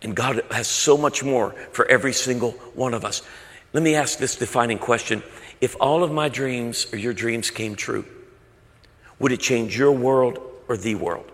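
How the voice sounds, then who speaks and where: A man's voice: mid-range voice, moderate pace, fairly bright tone, big-room sound. A man preaching a sermon, telling stories with rising passion. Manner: storytelling, impassioned. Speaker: pastor.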